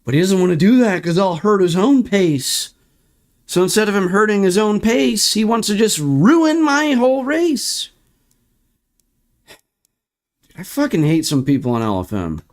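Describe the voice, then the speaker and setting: Man, young adult, fairly high voice, sim racing livestream, frustrated rant, swearing. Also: big pitch swings, a little slow, pauses often. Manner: frustrated, ranting, swears, talks through replay footage. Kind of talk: ranting livestream commentary.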